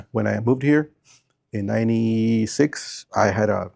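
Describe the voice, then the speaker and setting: A man in his fifties from Bolivia, a teacher and coach, telling stories in a relaxed interview and often repeating his answers. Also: on the low side, slow, creaky. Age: 50s. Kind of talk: casual interview.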